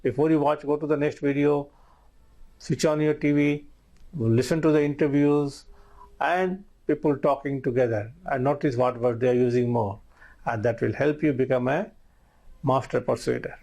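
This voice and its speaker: A man's voice: mid-range voice, moderate pace, mellow. A man teaching a recorded online lesson, earnest and repetitive, often calling his listeners "my friends". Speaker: course instructor.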